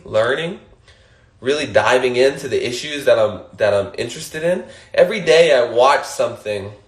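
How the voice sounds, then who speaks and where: A man's voice: mid-range voice, echoey room. A man hosting an Instagram Live, giving a casual motivational monologue, emphatic and swearing casually, often laughing and repeating his points.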